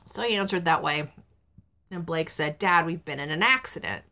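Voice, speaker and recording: A middle-aged woman talks casually to her camera, her voice sitting low. She tells a family story in a chatty, rambling way, acting out what others said. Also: moderate pace, sharp tone. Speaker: vlogger. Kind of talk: casual personal vlog. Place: truck stop, outdoors.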